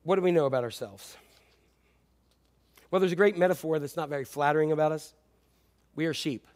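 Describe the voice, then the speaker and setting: A man preaching a sermon as a pastor, animated, swinging between loud and hushed delivery. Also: a little high, a little fast.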